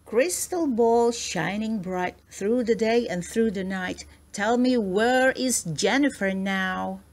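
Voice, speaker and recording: A woman's voice: mid-range voice, slow. A woman voicing a kindly, caring witch in a storybook read-aloud, speaking in a reassuring way. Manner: kind, reassuring.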